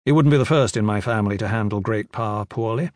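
A man's voice: lowish voice, fast, darkish tone, dry recording, studio quality, natural voice. A man voicing a powerful male lord who speaks earnestly and gives firm orders. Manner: earnest, commanding.

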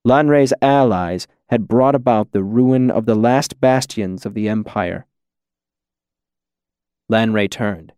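A man narrating a fantasy story as an audiobook, in a measured, even storytelling manner. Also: on the low side, smooth, no room sound, studio quality.

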